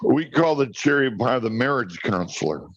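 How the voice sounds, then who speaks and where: A man chatting as a guest on a talk show, telling stories in an animated way and often restarting his sentences. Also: medium pitch, moderate pace, dull audio. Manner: storytelling, animated, repeats words when starting. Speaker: guest, cannabis grower. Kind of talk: casual talk show chat.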